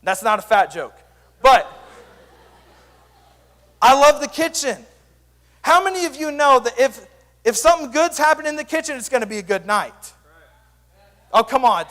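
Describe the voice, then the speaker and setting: A young man speaking as a youth pastor, giving an energetic, joking sermon full of stories. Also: extremely high pitch, moderate pace, long pauses, in a large hall. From Sand Springs area, US.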